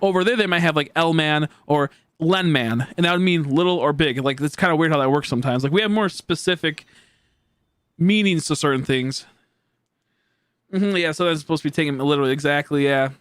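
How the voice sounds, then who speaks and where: A man's voice: on the high side, brisk, a bit bright, smooth, no room sound. A young man chatting casually with his livestream viewers, rambling with a stream of "like" and "you know" and chuckling often. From United States. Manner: chuckles often between remarks. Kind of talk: casual chat with live viewers.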